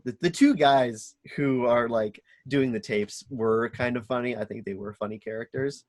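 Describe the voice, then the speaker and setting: A man co-hosting a podcast, casually recapping a film and acting out its scenes in quick put-on voices. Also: medium pitch, dry recording. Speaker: podcast co-host. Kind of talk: casual chat recapping a movie.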